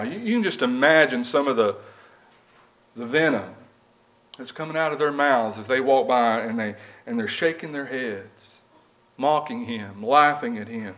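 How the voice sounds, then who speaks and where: A man's voice: medium pitch, animated, moderate pace, fairly bright tone. A man preaching a sermon in a church, reading scripture and asking the congregation rhetorical questions in an earnest, conversational way. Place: church building.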